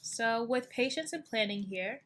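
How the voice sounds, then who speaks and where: A woman's voice: on the high side, expressive, a little slow, a bit bright, slight background noise. A young woman giving a casual tarot reading, chatty and loose, with many fillers and asides, sounding tired. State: tired, yawning. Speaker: tarot reader.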